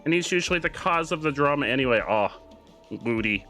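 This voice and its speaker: A man streaming a video game, talking casually with his viewers, excitable and swearing freely as he plays. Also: a little high, a little fast, faint music behind. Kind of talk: casual livestream commentary while gaming.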